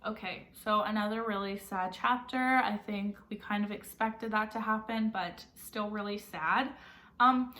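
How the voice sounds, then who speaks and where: A woman teacher reading a novel aloud and stopping to reflect gently and ask her listeners questions. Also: medium pitch. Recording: roomy echo.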